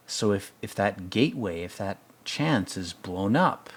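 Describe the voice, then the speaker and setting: A man's voice: on the low side, expressive, unhurried, hardly any pauses, slightly rough. A man hosting a film commentary, talking reflectively and often sinking to a near whisper. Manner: reflective, retells scenes with acted-out quotes, often drops to a near whisper. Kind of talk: casual film commentary monologue.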